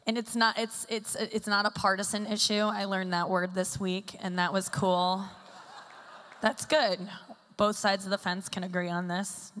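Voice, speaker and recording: A woman in her thirties works a comedy stage with loose, self-deprecating chatter full of fillers. Her voice is bright and cutting, and each line rings out with the long reverb of a large hall. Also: medium pitch, level tone, unhurried. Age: 30s. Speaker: stand-up comedian. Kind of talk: stand-up routine.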